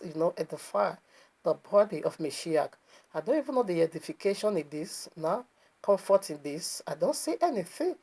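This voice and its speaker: A woman with a lowish, darkish, husky voice preaches as she critiques a video, sounding emphatic and scornful. She fires off rhetorical questions throughout this sermon-style commentary.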